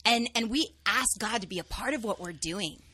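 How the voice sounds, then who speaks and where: A woman's voice: medium pitch, normal speed, pushed and bright, slight background noise. A woman talking in an upbeat, heartfelt way as a guest in a casual interview.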